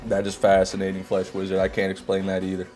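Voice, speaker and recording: A man's voice: low-pitched, completely flat delivery, fast talker, darkish tone, soft background music. A man with a groggy morning voice hosting a live gaming stream. He chats casually, reads out viewer messages and swears when things go wrong.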